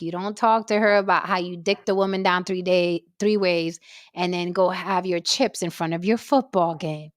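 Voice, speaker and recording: A woman hosting a casual talk show, telling stories in an animated, profane way. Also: on the low side, moderate pace, no echo, clean studio sound. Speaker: podcast host. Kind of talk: casual chat.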